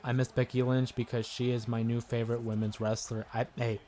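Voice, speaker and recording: Excitable man commenting on a live stream. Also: mid-range voice, fairly quick. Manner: chatty, excitable, yells at the game. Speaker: gaming livestream host. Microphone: desk microphone with headphones listeners.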